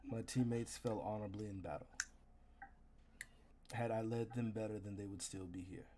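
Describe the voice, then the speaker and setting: A man voicing a formal, guilt-ridden young male warrior who speaks in stiff, halting phrases. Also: on the low side, steady tone, background noise, voice pushed down, natural voice. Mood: solemn.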